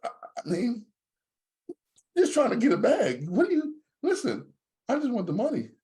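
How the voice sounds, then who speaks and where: Animated joking man on a podcast. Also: extremely high pitch, normal speed. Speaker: podcast co-host. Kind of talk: casual podcast banter.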